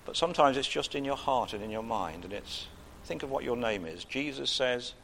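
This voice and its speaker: A man preaching an informal sermon in a conversational way, with frequent pauses and gentle humor. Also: mid-range voice, animated, slight background noise.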